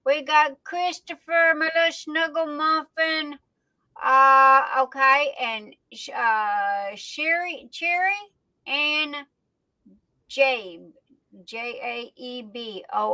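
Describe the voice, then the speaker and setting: Chatty high-voiced woman hosting a livestream. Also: dry recording, low-quality recording. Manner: chatty, greets viewers warmly by name, drawn-out fillers. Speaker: livestream host. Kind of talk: casual livestream chat, greeting viewers. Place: home streaming setup.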